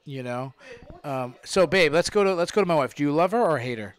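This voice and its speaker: A man hosting a casual fight podcast, talking into a studio mic with a clean, resonant voice that sits a bit high for a man. He rambles, doubling back over his own phrases as he chats with his co-hosts. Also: fairly quick, clear, resonant tone. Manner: rambling, repeats and restarts phrases. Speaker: podcast host. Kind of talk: casual MMA commentary chat. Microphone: studio microphone.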